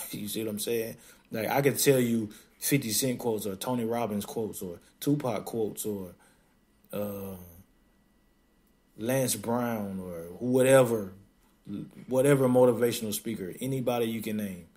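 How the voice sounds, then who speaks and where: A man with a somewhat low voice talks straight into a podcast mic. He is blunt and emphatic and laughs often, slipping into quick mocking impressions of other people. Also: darkish tone. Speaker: podcast host. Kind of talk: casual podcast monologue.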